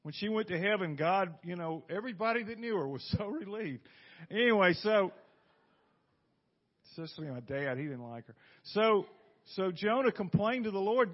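A man preaching a conversational sermon, folksy and quick to toss rhetorical questions to the room. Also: high-pitched, lively intonation, highs cut off. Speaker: pastor.

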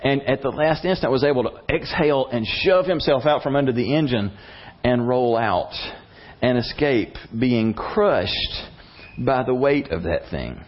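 A man preaching a sermon and telling a story in an animated way, his voice rising at tense moments. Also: mid-range voice, unhurried. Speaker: pastor. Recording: slightly dull lo-fi recording.

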